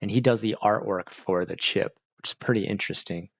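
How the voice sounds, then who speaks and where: A man's voice: fairly low pitch, a little fast, creaky, no echo. A man, an art teacher, chatting casually on a livestream, joking and swearing as he rants. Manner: profane, ranting, joking. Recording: dull lo-fi stream audio, dry.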